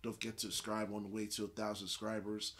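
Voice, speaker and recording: A man's voice: on the low side, quick pace, very noisy. A man hosting a reaction video, giving casual commentary and repeating himself often. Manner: laughing, animated, repeats phrases.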